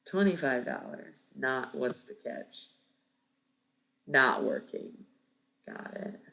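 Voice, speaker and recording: Casual streamer with a gravelly voice. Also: medium pitch, measured pace. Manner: casual, swears freely, thinks aloud. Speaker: live streamer. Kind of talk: casual chat with stream viewers.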